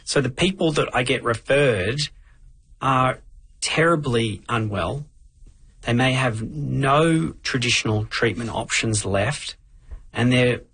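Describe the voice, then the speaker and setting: A man speaking as a doctor in an interview, his voice a little husky and his pitch in the middle range. He explains things carefully and at an even pace, pausing to qualify his points. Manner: measured, explanatory. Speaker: infectious disease doctor, guest. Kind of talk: interview answers.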